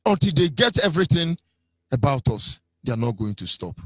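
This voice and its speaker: On the radio, a Nigerian commentator mocks his political targets with passion, his sing-song voice swinging up and down. He talks a little fast at medium pitch, and there's no echo.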